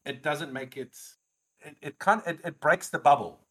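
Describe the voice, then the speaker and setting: A man's voice: a little high, normal speed, a crowd in the background. A man co-hosting a podcast, talking earnestly in casual chat and rambling through restarts. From Australia. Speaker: podcast co-host.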